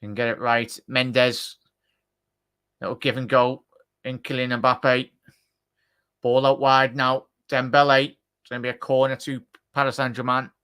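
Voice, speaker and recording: A man giving live match commentary on a fan watchalong, chatty and joking, shouting at the big chances. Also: mid-range voice, level tone, normal speed, clean tone. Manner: chatty, jokey asides.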